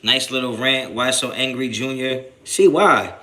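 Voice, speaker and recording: A man's voice: mid-range voice, a little slow. A man from New Jersey hosting a sports livestream, reading chat aloud and answering in slangy, profane talk that flares up when he is annoyed. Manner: animated, swears a lot, rises to shouting when annoyed; slangy and repetitive, restarts often. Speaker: sports channel host reading live chat.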